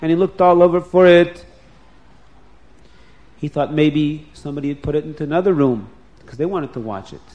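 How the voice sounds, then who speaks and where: A man narrates a story to children with lively, dramatic expression, often turning to speak to them directly. His voice sits slightly high for a man. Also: moderate pace, long pauses, lo-fi sound.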